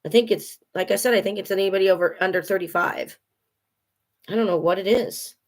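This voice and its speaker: A woman's voice: medium pitch, a little fast. A woman venting in a blunt casual monologue about work, swearing freely. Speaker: vlogger.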